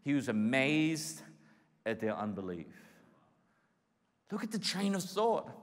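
A male pastor preaching a sermon in an animated way, acting out the voices of people in his stories. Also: medium pitch, takes it slowly. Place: large church hall. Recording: reverberant church hall.

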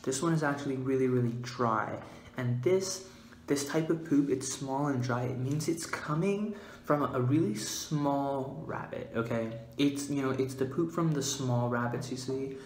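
A man hosting a mock-scientific comedic vlog, playful and goofy, giggling and breaking into sudden loud, high outbursts. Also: a little slow. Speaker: vlogger. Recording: roomy echo, faint background hiss.

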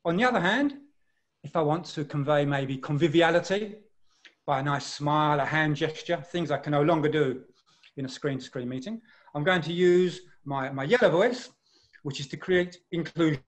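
A man giving an online presentation as a management trainer, explaining step by step with frequent pauses and filler sounds, heard over a video call. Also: on the high side, lively intonation.

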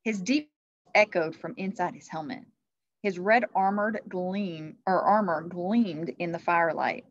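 A woman teacher reading a children's chapter book aloud in slow, expressive storytelling. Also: fairly low pitch, highs cut off.

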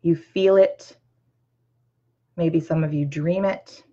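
A woman in her thirties speaks in a rather low voice, giving an earnest, chatty motivational talk. She talks to the listener directly and fills her sentences with ums and you-knows. The recording sounds a little dull and lo-fi. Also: steady tone, takes it slowly, dark tone. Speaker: host.

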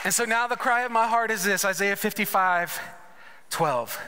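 A conference speaker preaches in a large church sanctuary, blending personal testimony, conversational storytelling and humorous asides. His very high-pitched voice is steady and quick, heard over a very noisy crowd in a reverberant hall.

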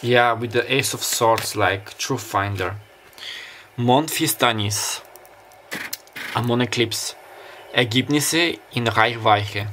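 A male tarot reader with a medium-pitched, bright, forceful voice offers a pick-a-card reading. His speech is ponderous and halting, packed with fillers and restarts. Faint summer beach ambience and slight noise fill the background.

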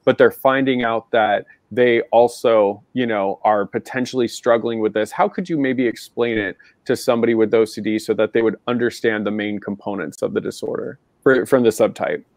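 A man's voice: fairly low pitch, fairly even intonation, moderate pace, few pauses, darkish tone, no room sound, studio quality. A man with an American accent hosting a live panel over a video call, chatty and enthusiastic. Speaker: host.

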